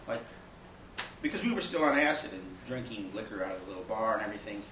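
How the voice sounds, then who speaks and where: A man's voice: medium pitch, fairly bright tone. A man spins a meandering anecdote live on a small stage, his mid-range voice caught by a distant mic. The room rings with echo, and a faint hum of ambience sits under him. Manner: rambling, anecdotal, halting with restarts. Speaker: storyteller. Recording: echoey live room from far off.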